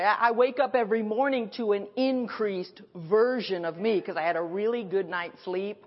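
A woman's voice: medium pitch, lo-fi sound. Emphatic woman pastor preaching. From United States. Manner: emphatic, repetitive declarations with dramatic pauses. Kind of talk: sermon. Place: conference hall.

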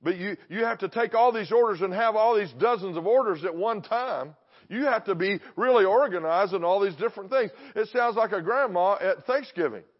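A man with a high-pitched, brisk voice preaches to a church congregation, emphatic and repetitive, putting questions to the crowd. The recording is dull and lo-fi.

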